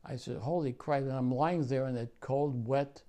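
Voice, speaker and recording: A man in his nineties, a war veteran, telling his story in an oral history interview, profane and halting with many restarts. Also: medium pitch, fairly even intonation, mellow. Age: 90s.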